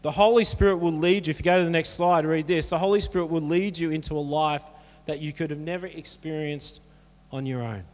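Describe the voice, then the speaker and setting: A man's voice: a little high, steady tone, brisk. A man preaching a sermon as pastor, earnest and encouraging in a conversational way. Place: church hall. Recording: church hall reverb.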